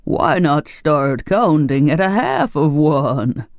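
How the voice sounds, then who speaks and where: A narrator voicing a slow, blunt wooden sawhorse creature in an audiobook. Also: medium pitch, expressive, no room sound, studio quality. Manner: slow and deliberate.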